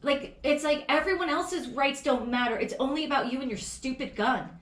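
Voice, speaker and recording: A woman's voice: high-pitched, normal speed, a bit bright. A woman co-hosting a podcast, talking in an earnest, indignant way, full of fillers, in casual political chat. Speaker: podcast co-host. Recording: roomy echo.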